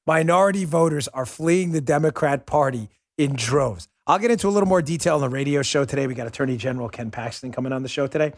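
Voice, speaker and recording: A man's voice: fairly high pitch, quick pace, no echo, clean studio sound. A man hosting a political commentary show, ranting in a heated, sarcastic way. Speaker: podcast host.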